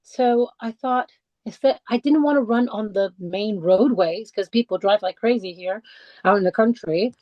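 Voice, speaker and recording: A woman speaking as a podcast guest, telling her own story with plenty of restarts and pauses. Her voice sits at a middle pitch. The recording is close and dry, with no room echo. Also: muffled recording. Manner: halting, many restarts and fillers, heartfelt. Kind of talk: personal conversational storytelling. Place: lives in the English countryside.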